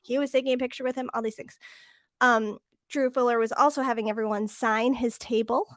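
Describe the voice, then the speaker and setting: A chatty woman co-hosting a podcast, her voice sitting a bit high as she tells a story and acts out every exchange. The sound is dry and close, with no room around her. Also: steady tone, brisk, dry recording. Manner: chatty storyteller acting out quoted dialogue. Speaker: podcast co-host. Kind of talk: casual chat.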